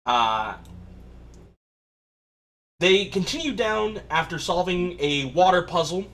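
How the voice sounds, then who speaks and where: Brief: man, game master, casual rambling recap, a touch high-voiced. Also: lively intonation, takes it slowly, a bit bright. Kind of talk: recapping a tabletop game session.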